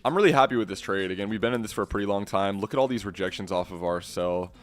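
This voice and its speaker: A man's voice: fairly low pitch, fast. A young man commentating his live trades casually, swearing often and calling the audience bro. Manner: swearing, says bro constantly, swings from bragging to exasperated. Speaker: streamer trading futures live.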